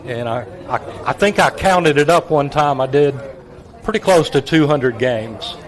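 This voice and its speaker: A man in his sixties with a drawl and an ordinary mid-range voice looks back on his years as a stadium announcer. He talks in a folksy way, pausing and repeating words as he gathers his memories. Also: mid-range voice, expressive, some chatter behind. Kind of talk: reminiscing guest on a talk show.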